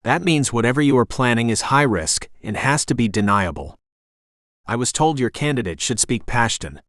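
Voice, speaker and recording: A man's voice: mid-range voice, expressive, normal speed, a bit bright, no echo, clean studio sound, natural voice. A man voicing a terse former special-forces soldier, answering in clipped, respectful replies. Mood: calm. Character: calm, terse male ex-special-forces candidate.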